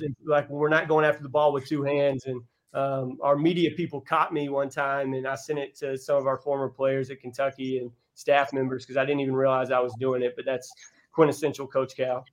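A young man guesting on a podcast, telling sincere stories with a lot of restarts. His voice sits at an ordinary middle pitch. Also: level tone, low-quality recording. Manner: earnest, heartfelt, with halting restarts. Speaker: college basketball coach, guest. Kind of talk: casual podcast storytelling.

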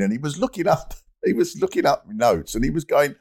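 A man's voice: fairly high pitch, huge pitch swings, quick pace, a little mellow. A man hosting a podcast interview, telling playful, self-mocking anecdotes. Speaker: podcast host.

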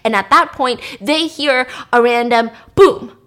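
A woman with a slightly high voice tells a story in a loose, casual recap. She talks in a chatty way, with plenty of fillers and asides. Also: unhurried. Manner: chatty, many fillers, animated acting of quotes. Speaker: show recapper.

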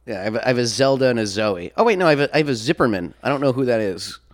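Fast-talking man in casual banter. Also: mid-range voice, lively intonation. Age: 40s. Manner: laughing, halting, full of fillers. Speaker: podcast host.

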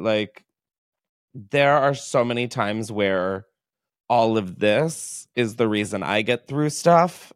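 A man's voice: medium pitch, smooth, dry recording, studio quality. A man hosting a casual podcast from his basement, emotional, giggly and casually swearing. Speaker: podcast host.

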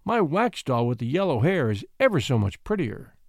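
A man with a medium-pitched voice performs a smug, spoiled little girl, sounding very animated at a normal speed. The recording is studio quality with no room sound.

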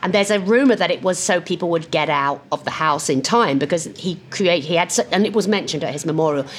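An older woman from England, telling lively anecdotes and acting out voices over lunch in a restaurant. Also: on the low side, fast, slight background noise. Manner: lively storyteller who acts out voices. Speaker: guest. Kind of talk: casual chat.

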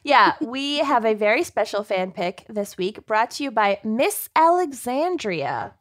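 Lady on a podcast, chatty, slow and easy, kinda high voice. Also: big pitch swings. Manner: chatty, laughs often, slow-paced. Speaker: podcast co-host. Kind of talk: casual chat.

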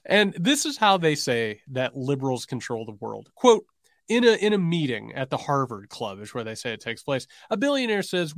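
Animated, sarcastic man co-hosting a podcast. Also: medium pitch, moderate pace, no room sound, studio quality. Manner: sarcastic, reads quotes aloud with mocking emphasis. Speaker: podcast co-host. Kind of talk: political commentary podcast.

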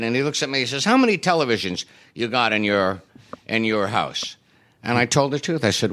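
A man's voice: mid-range voice, very animated, a little fast, sharp tone. A man telling show-business stories as an interview guest, wry and self-deprecating with comic timing. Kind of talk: anecdotal interview storytelling.

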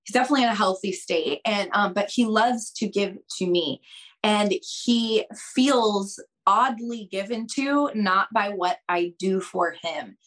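A podcast guest who coaches people on dating, she speaks to listeners head-on, punches her points, and performs conversations with large pitch jumps. Quick bursts give way to slow, drawn-out emphasis. The voice has a slight brightness, and the recording is low quality.

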